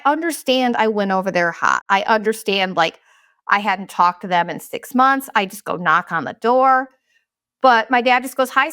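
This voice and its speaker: A woman's voice: a little high, a bit bright, smooth, no echo, clean studio sound. A woman in her thirties hosting a podcast, talking frankly about her own life in a blunt, candid monologue and swearing freely. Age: 30s. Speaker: podcast host.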